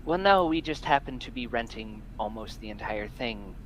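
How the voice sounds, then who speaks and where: A man's voice: medium pitch, animated, normal speed, fairly bright tone, a little hiss or hum, rough recording. A man playing his character in a tabletop game, playful and joking. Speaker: player. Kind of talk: tabletop role-play.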